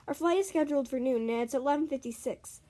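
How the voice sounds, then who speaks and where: A woman reading her own made-up story aloud, earnest and expressive, with small stumbles. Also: sits high, fast talker.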